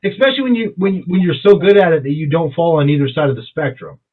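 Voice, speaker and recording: A podcast co-host with a fairly high voice talks fast in a casual chat, rambling and swearing enthusiastically. The sound is tinny, like a phone.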